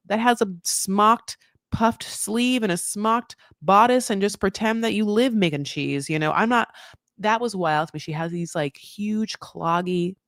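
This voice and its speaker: A woman hosting a casual show recap, talking in an animated, sarcastic, rambling way. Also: medium pitch, dry recording, studio quality.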